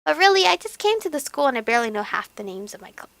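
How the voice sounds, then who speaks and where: A young woman narrating and commenting on an otome game in a playful, giggly, dramatic manner. Her high voice swoops widely, bright with a gravelly edge, and the recording is close and dry. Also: very animated, racing, no room sound. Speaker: game streamer.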